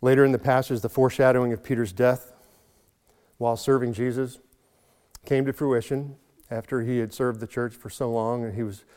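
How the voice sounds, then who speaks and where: A man preaching a sermon in an earnest way, slowing down and building up for emphasis. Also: medium pitch, fairly even intonation, darkish tone, long reverb tail. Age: adult, has a son. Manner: earnest, slows and swells for emphasis. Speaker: pastor.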